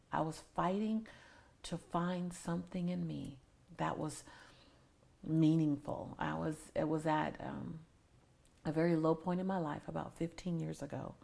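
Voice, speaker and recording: Low husky woman in her 40s, guest on an interview, earnest, slips into soft whispers. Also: steady tone, measured pace. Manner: earnest and emotional, dropping to near-whispers. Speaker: motivational speaker. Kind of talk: interview guest telling a personal story.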